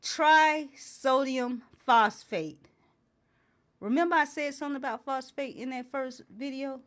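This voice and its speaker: On her own talk show, a woman with a high, fairly bright voice speaks unhurriedly in an impassioned address to camera. She indignantly reads out a list of ingredients and fires off rhetorical question after rhetorical question.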